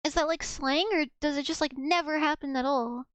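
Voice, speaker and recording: A woman's voice: high voice, fairly even intonation, a little fast, fairly bright tone, no room sound. A young woman streaming casually, chatty and self-mocking, filling her talk with "like" as she sounds out foreign words. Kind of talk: casual livestream chat, practicing Russian words aloud.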